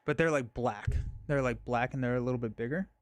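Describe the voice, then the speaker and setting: A man hosting a live stream talks in a loose, easygoing way, thinking out loud and restarting his sentences with plenty of fillers. His voice sits at an ordinary middle pitch, and the recording is close and dry, with no room sound. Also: a little fast, no room sound. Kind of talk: casual live-stream chat.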